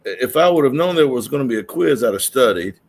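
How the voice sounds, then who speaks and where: A man's voice: medium pitch, lively intonation, quick pace. A man in casual podcast chat, laid-back and hesitant, with dry humor.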